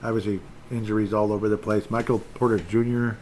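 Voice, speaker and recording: Speaking a little fast in a lowish, level, darkish voice, this middle-aged podcast host meanders through sports statistics on his casual show. He drops in frustrated jokes at his own expense, against slight background noise.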